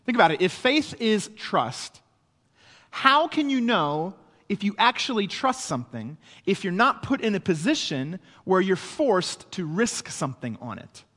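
A man's voice: high-pitched, big pitch swings, unhurried, bright, forceful tone. Man preaching in a reverberant hall. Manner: conversational preaching with frequent "right?" asides. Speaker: pastor. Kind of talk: sermon.

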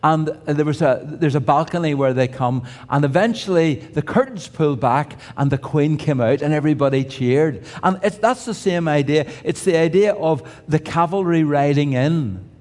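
A man's voice: fairly high pitch, moderate pace, hardly any pauses, darkish tone. An older man preaching a sermon in a conversational way, with restarts and humorous asides. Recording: reverberant hall.

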